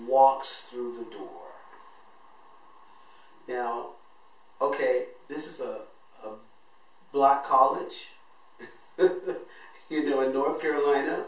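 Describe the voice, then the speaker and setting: A man earnestly telling his own life story as host, acting out what he said back then. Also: medium pitch. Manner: earnest and emotional, acts out his own past words. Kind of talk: personal storytelling monologue. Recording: echoey room, voice from a distance.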